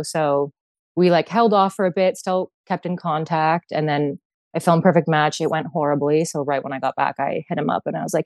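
A woman's voice: deep voice, fairly quick, dry recording. Chatty young woman with a Canadian accent. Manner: chatty, heavy use of "like". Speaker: podcast guest. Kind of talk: casual chat.

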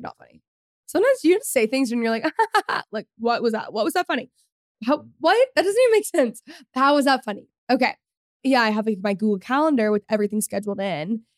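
A woman's voice: on the high side, no echo, clean studio sound. A woman in her twenties hosting a solo podcast, chatting casually and rambling with lots of fillers. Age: 20s. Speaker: podcast host.

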